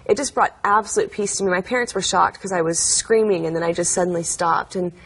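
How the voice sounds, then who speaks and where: A woman's voice: fairly low pitch, quick pace, husky. A young adult woman, an interview guest, telling personal stories in an earnest, chatty way, with many fillers and frequent laughs. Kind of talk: interview storytelling.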